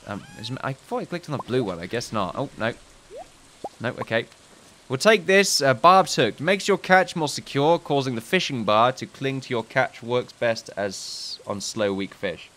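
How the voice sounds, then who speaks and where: A man chats his way through a farming game, wandering off into jokey tangents and reading item descriptions aloud. His voice sits in a middle pitch with a bright, forward edge. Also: animated, moderate pace, a little hiss or hum. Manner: rambling, jokey asides, reads game text aloud. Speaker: let's play host. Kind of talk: casual gameplay commentary.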